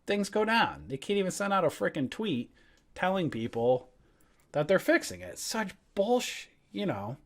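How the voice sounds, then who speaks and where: A man venting on a live trading stream, his pitch swinging up and down as he swears and laughs through his frustration. He talks at a desk mic from home and then settles into reading charts. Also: very animated, a little slow. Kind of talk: ranting live-stream chat.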